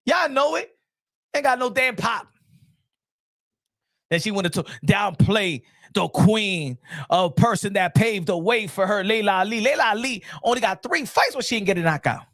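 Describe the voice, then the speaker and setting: Male boxing vlog host, casual animated commentary, street slang, repetitive emphasis. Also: very high voice, vocal fry, no echo, clean studio sound.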